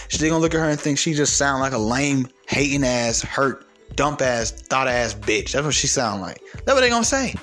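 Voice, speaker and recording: A fired-up man holds forth alone on his podcast, his voice sitting a little high for a man. He rants with a lot of swearing and breaks into loud, forceful bursts. Soft music plays faintly behind him. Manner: heated, profane ranting with sudden loud emphatic peaks. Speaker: podcast host. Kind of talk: solo podcast monologue.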